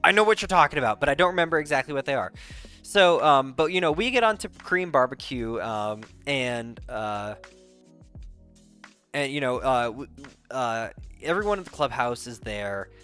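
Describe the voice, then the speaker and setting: A man's voice: medium pitch, animated, normal speed, sharp tone, smooth. A man telling a rambling, casual recap, full of fillers, restarts and laughter. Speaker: content creator. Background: faint background music.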